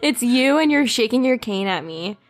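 A young woman trading stories on a relaxed podcast. She laughs easily and slips into playful impressions of what others said. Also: a little high, moderate pace. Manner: laughs often, acts out quoted dialogue. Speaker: podcast co-host. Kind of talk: casual chat.

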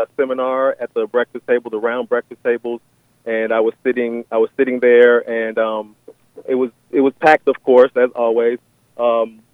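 A man's voice: medium pitch, no room sound. A man calling in to a radio show to describe a vision, hesitant and full of fillers and restarts. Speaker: caller. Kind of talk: phone-in call sharing a vision. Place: on a phone call. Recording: tinny phone line, dry.

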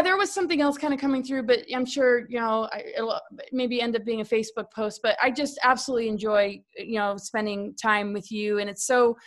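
A woman with a fairly high voice talks about spirituality in a casual, earnest way. She rambles, restarts sentences and repeats words as she goes, speaking as a guest in a conversation. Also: a bit bright.

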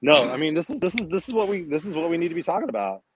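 A man's voice: a little high, sing-song, rapid-fire, a little hiss or hum. A man hosting a live-stream talk show, laid-back, reading out viewer comments and laughing along with his co-host. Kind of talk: casual live-stream chat.

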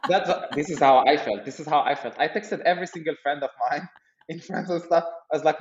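A man's voice: fairly high pitch, brisk, reverberant, lo-fi sound. A man from Morocco in his thirties, a startup founder telling a funny story on a podcast, laughing often and repeating words as he goes. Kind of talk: casual storytelling interview.

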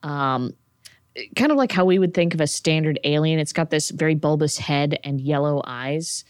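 A woman narrating as game master in a tabletop game, relaxed and casual with fillers. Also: low-pitched, moderate pace, clear, resonant tone, no echo, clean studio sound.

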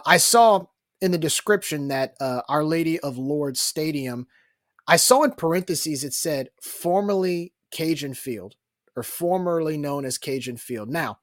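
A man's voice: on the high side, a bit bright, no room sound, clean studio sound. A man co-hosting a casual college sports podcast, upbeat and enthusiastic, often saying the same catchphrase. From south Louisiana. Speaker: podcast co-host.

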